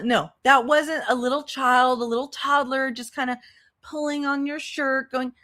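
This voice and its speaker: Slow-talking sarcastic woman streamer. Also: a little high, a bit bright. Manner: sarcastic, exasperated, swears. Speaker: commentary channel host. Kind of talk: livestream commentary.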